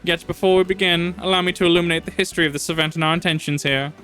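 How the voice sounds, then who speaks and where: A man's voice: a little high, fairly even intonation, racing, sharp tone, pitched above the performer's own voice, low-quality recording. A sly, pompous witch with a pumpkin for a head, as a man puts her on in a villainous male register. Her speech is grand and scheming, with light game music faint behind. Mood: grandiose. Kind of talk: reading game dialogue aloud.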